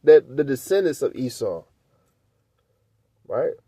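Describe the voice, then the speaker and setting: A man's voice: mid-range voice, very animated, slow, warm tone, husky, dry recording. A man leading a casual scripture study, reading verses aloud and breaking into loose, blunt commentary that he often ends with a questioning "right?". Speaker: Bible teacher.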